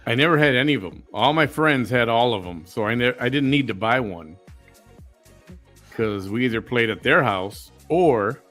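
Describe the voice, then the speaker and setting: Male host, mid-pitched, relaxed and laughing easily, late-night chat, faint music under. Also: normal speed.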